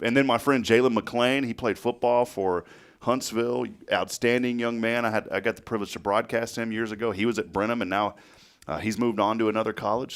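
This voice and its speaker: A man, hosting a local morning talk show, telling rambling stories full of fillers and laughs. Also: medium pitch. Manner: chatty storyteller, laughs often, many fillers. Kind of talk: casual chat.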